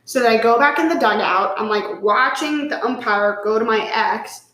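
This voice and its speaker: Guest, female, animated storyteller, swears freely, echoey room. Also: a little high, normal speed. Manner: animated, swearing, lots of "like", acts out quotes. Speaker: podcast guest. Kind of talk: casual storytelling chat. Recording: roomy echo.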